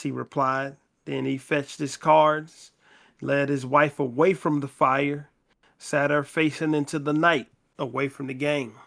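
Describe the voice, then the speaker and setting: A man's voice: fairly high pitch, little pitch movement, creaky, a bit bright. A man hosting a book club podcast, retelling a novel's scenes in a casual, conversational way and reading the characters' lines in his own voice. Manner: slow, conversational retelling with quoted dialogue read in plain voice.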